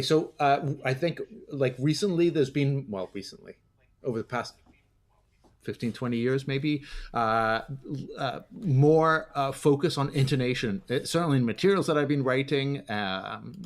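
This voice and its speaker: A man co-hosting a teaching podcast, thinking aloud in a casual, hesitant way and acting out question intonation. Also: mid-range voice. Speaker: podcast co-host, English teacher. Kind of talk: casual discussion.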